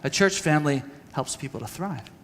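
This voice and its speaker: A man giving an earnest, halting talk to a church audience, telling a personal story and acting out conversations. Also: a little high, lively intonation, creaky, in a large hall, a little hiss or hum. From United States. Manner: earnest, halting with restarts, acts out dialogue. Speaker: speaker at a church training session. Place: church hall.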